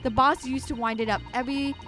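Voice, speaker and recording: A woman voicing a cheeky young female street pickpocket, speaking brash and slangy in a voice lower than her own. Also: fairly even intonation, fast, fairly bright tone, faint music behind.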